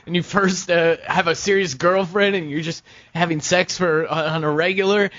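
A man's voice: high-pitched, steady tone, normal speed, fairly bright tone, lo-fi sound. A man hosting a casual chat, laid-back and joking as he reacts to a guest's story.

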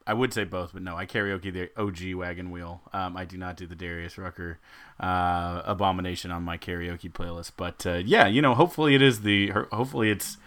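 Deep, bright-voiced joking man. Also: fairly even intonation, brisk. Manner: wisecracking, hesitant with many fillers. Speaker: podcast co-host. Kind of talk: casual sports podcast chat.

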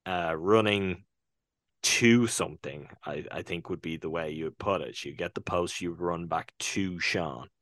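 Very deep-voiced Irish man. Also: no echo, studio quality. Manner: earnest, thoughtful retelling with soft hesitations. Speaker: podcast co-host reviewing films. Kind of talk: casual conversational film review.

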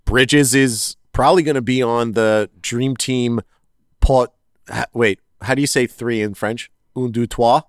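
A man in the middle of his range co-hosts a casual sports podcast. He rambles in an animated way and corrects himself as he goes. The sound is very dry and close. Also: medium pitch, unhurried, clean tone, no room sound. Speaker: podcast co-host.

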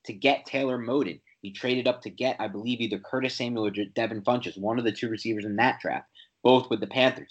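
A man co-hosting a sports podcast, talking football in an animated, opinionated way with quick restarts. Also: mid-range voice, husky, muffled recording. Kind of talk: casual sports chat.

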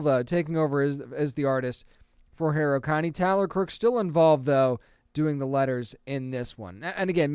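An eager man talking through comic books in a casual, chatty way, stumbling over words now and then. His voice is smooth and clear, sits a bit higher than most men's, and is recorded close and dry with no room sound. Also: no room sound. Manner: enthusiastic, chatty, with restarts and small laughs. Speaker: comic book reviewer. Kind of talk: casual review monologue.

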